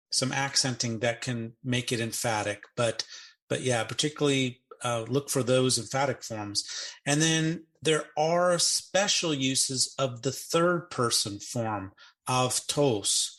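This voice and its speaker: A man co-hosting a grammar podcast in an easygoing, explanatory way. He walks through word forms slowly and adds playful jokes. His voice sits at a middle pitch. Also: fairly bright tone. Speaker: Greek grammar podcast co-host. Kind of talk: casual teaching chat. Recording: podcast audio.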